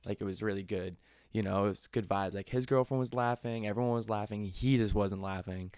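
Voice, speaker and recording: A young man tells a rambling story, full of swearing and restarts. His voice sits low, and the sound is dry and close, with no room around it. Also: fairly even intonation, fairly quick, a little mellow, clear, resonant tone, no room sound. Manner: rambling, profane, laid-back storytelling. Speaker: podcast host. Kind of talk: casual storytelling.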